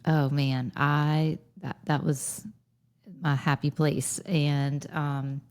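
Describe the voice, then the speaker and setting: A woman in her thirties with a Lowcountry Southern accent, co-hosting a podcast and telling wry, nostalgic stories with frequent laughter. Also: flat delivery, slow, darkish tone, smooth. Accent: Southern US (Lowcountry South Carolina). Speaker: podcast co-host. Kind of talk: casual nostalgic chat.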